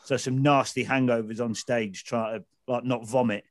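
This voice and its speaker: A man's voice: medium pitch, fairly even intonation, moderate pace, a crowd in the background. A man casually chatting and telling stories, teasing his friends. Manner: teasing, storytelling. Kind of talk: casual chat among friends.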